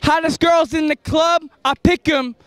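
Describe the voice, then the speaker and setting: A very high-voiced man spits a cocky freestyle rap on a street corner at night. He rhymes in quick bursts and breaks into laughter between bars, recorded on a handheld camera out in the open street. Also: fairly even intonation, fairly bright tone. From New York. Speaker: rapper.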